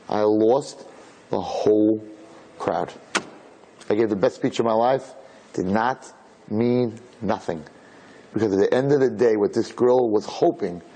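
Male rabbi speaker, husky mid-pitched voice, animated storyteller who acts out the dialogue. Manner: animated storyteller acting out dialogue, mixing in Hebrew and Yiddish terms. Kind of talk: inspirational storytelling talk.

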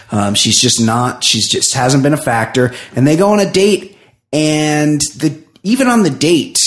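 Man, podcast co-host, casual chat, animated, swears a lot, mid-pitched voice. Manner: animated, swears, acts out quotes.

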